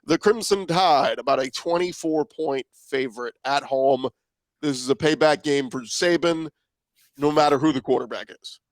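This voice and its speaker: A man's voice: medium pitch, normal speed, no room sound. A man hosting a sports podcast in casual chat, easygoing and tossing questions over to his co-host.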